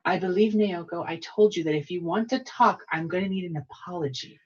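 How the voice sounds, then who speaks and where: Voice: medium pitch, a little fast, husky, pitched above the performer's own voice, close to an everyday voice. A game master voicing an indignant sister who speaks through a flower and insists on an apology, in a curt, demanding way. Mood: stern. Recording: slightly dull lo-fi audio.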